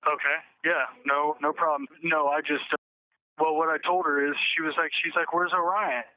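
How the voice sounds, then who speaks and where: A man tells his story over a tinny phone line, his voice smooth and clear but held to a flat, even tone. He talks haltingly, restarting and repeating his words as he confesses. The sound is dry and thin. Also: a little high, no room sound. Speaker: interviewee, incarcerated man. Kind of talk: emotional personal account.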